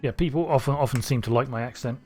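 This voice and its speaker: A man's voice: mid-range voice, fast talker, dark tone, faint music behind. A man from Cornwall with a neutral English accent, rambling and thinking aloud through casual gameplay commentary. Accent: neutral southern English. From Cornwall, England. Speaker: streamer.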